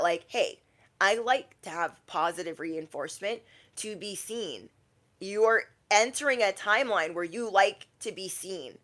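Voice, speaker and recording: A woman's voice: on the low side, fairly bright tone. A young adult woman, a tarot reader, talking casually on a livestream and acting out quoted people in shifting voices.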